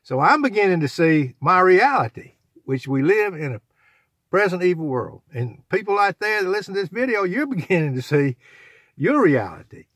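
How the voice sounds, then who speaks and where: An older man, owner of his own channel, rambles to his viewers in a folksy, preachy religious vlog. His voice is fairly high in pitch and fairly bright, recorded with studio quality and no room sound.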